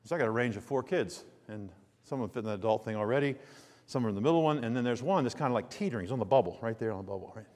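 Folksy preacher in a reverberant hall. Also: male voice, medium pitch, animated, a little mellow. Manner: folksy storytelling with emphatic drawn-out phrases. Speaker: pastor. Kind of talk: sermon. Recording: long reverb of a large hall.

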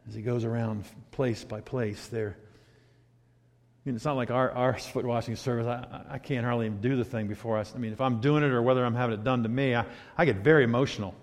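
A man preaching a sermon, swinging from hushed, reflective asides to loud, emphatic points. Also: medium pitch, fairly even intonation, fast. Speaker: pastor. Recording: hall reverb.

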